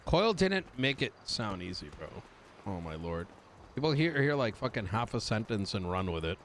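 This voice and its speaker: A man's voice: fairly low pitch, very animated, normal speed, a bit bright, a little hiss or hum. A man streaming, casually explaining things to his chat with many fillers.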